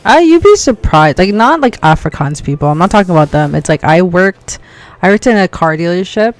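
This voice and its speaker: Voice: medium pitch, lively intonation, fairly quick. A streamer chatting casually while gaming, telling stories with lots of "like" fillers. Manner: chatty storyteller, heavy use of "like".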